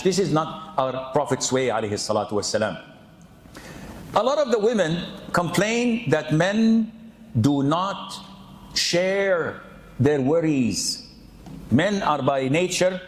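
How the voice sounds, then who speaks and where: A man preaching a humorous sermon-style reminder, acting out quoted voices with sudden high jumps in pitch. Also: roomy sound, poor audio. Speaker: Islamic preacher.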